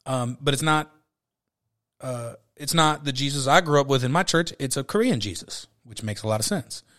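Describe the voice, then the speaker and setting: This podcast host, a man in his thirties, speaks at normal speed in a medium-pitched, slightly bright voice. His casual movie-review chat about a favorite film is meandering and profane, packed with fillers.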